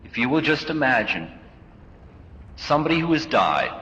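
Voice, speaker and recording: A man's voice: medium pitch, big pitch swings, normal speed, bright, forceful tone. Playful man giving a spiritual talk. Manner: musing and playful, acting out little scenes. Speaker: spiritual teacher. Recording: dull, echoey hall recording with faint hiss.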